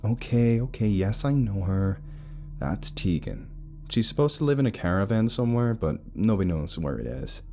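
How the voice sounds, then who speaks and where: A male narrator voicing a brash, teasing young woman who works as a tour guide, bossy and sharp-tongued. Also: on the low side, lively intonation, moderate pace.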